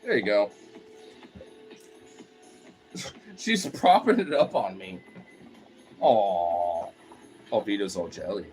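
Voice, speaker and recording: A man's voice: very animated, a little slow, pauses often, soft background music. Playful young man cooing at dogs. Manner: playful, swings into high cooing pet talk. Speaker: dog owner vlogger. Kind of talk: casual talk to his pet dogs.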